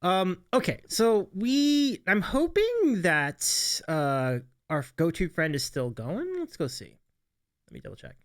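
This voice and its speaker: A man's voice: high voice, wildly swooping pitch, takes it slowly. A man hosting a casual livestream chat, reading viewer comments aloud and laughing often. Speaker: host.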